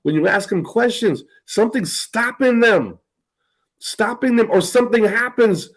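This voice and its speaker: Speaking a little slowly in a high-pitched voice with lively intonation, an American man hosts a podcast. His chat is casual, rambling, and profane, punctuated by frequent laughs, and the recording is low quality.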